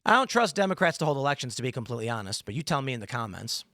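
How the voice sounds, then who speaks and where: A man's voice: mid-range voice, very animated, racing, pushed and bright, no echo, studio quality. A man in his thirties hosting a solo political commentary show, talking emphatically with rambling, sarcastic asides.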